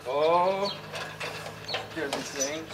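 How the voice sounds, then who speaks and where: A man's voice: on the high side, extremely slow. A man joking crudely in laid-back outdoor banter with friends. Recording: distant from camera, with crowd noise.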